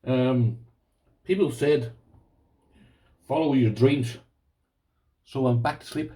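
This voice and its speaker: Chatty Irish man, mellow voice. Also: mid-range voice, expressive, a little slow, long pauses, recorded from a distance, poor audio. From Ireland. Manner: chatty, self-deprecating, often laughs, rambling asides. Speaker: lock collector vlogger. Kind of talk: casual vlog chat.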